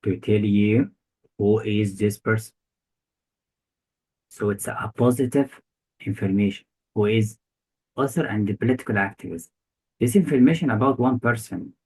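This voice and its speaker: A man's voice: on the low side, moderate pace, long pauses, mellow, husky, low-quality recording. A male tutor giving a one-on-one grammar lesson, quizzing his student with short repeated questions. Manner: quizzing, repetitive questions, non-native phrasing. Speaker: English test tutor.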